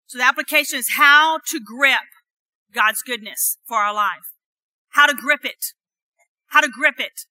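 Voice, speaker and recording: A woman preaching a sermon at a church service. She repeats phrases for emphasis and swings from hushed, soft lines to loud, emphatic preaching. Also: high-pitched, dry recording.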